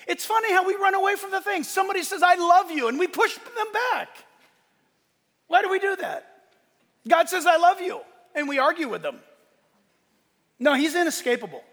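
The long reverb of a large hall carries the voice of a middle-aged male pastor, unusually high with a bright, forceful edge. His impassioned sermon shifts from loud exclamations down to quiet, hushed storytelling.

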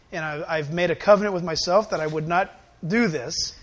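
A man preaching a sermon in an animated, emotional way. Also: a little high, fast.

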